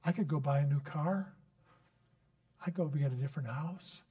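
A guest preacher with a fairly high male voice delivers an earnest sermon in a church. He tells stories warmly and with conviction, then rises into fervent prayer. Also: moderate pace.

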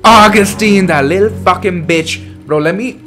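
Excitable young man gaming. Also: high voice, normal speed, faint music behind. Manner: excitable, swearing reactions. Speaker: gaming channel host. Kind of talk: let's play commentary.

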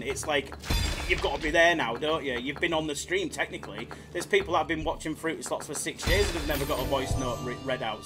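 A man with a Yorkshire accent hosting a live slots stream, chatting and joking casually with viewers. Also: fairly high pitch. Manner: chatty, jokey, laughs often.

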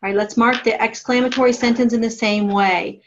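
A woman teaching a writing class, giving slow, methodical step-by-step instructions on punctuation. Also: fairly high pitch, fairly even intonation, muffled recording, slight background noise. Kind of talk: classroom grammar lesson.

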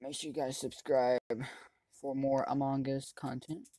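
Excitable gamer yelling at teammates. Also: medium pitch, a little slow, no echo. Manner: excitable, yells at other players; chatty running commentary on the game. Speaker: gaming channel host. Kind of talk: let's-play commentary.

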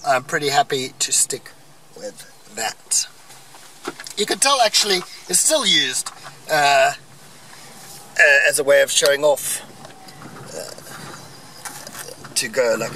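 A vlogger on safari offers rambling, opinionated, wry commentary from a vehicle during a game drive. His voice is a little high and sharp, with lively intonation, slow delivery, and long pauses. The mic is distant and picks up faint outdoor noise.

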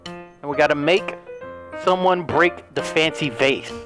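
A man giving excitable let's play commentary, yelling, gasping and talking in first person as the character he plays. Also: a little high, a little slow, music in the background. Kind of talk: gaming commentary.

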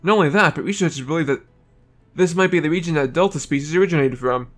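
A man's voice: on the high side, fast talker, fairly bright tone, soft background music, lightly acted. A man reading game lines as an eager male professor, stumbling over place names. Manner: reads dialogue aloud, stumbles over names.

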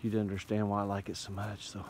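Easygoing Indiana man, low-pitched, a bit winded, narrating on a phone outdoors in the woods, faint hiss behind. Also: monotone, fast talker, low-quality recording. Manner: easygoing, rambling, folksy. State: out of breath while hiking uphill. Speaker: bushcraft vlogger. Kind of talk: casual narration to camera. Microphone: phone held in hand.

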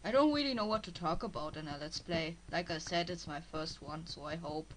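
A woman with a strong German accent, a native German speaker, giving halting, casual commentary as she plays a game and talks to herself. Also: sits low, slight background noise, low-quality recording. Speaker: let's player.

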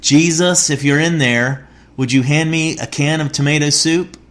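A man voicing a frightened five-year-old girl, speaking in a high, timid child's voice. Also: fairly even intonation, moderate pace, a bit bright, close to an everyday voice. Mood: scared.

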